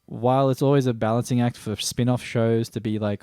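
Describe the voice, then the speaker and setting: A man's voice: mid-range voice, steady tone, brisk, dark tone, clear, resonant tone, no room sound, clean studio sound. A man reviewing a TV series in a rambling, stream-of-consciousness way, swearing casually and often restarting sentences. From Australia.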